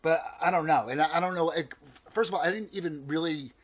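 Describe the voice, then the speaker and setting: A man's voice: a little high, fast. Chatty New Jersey man in his forties. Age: 40s. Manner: animated, digressive, stammers and restarts, swears casually. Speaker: podcast co-host. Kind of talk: casual chat.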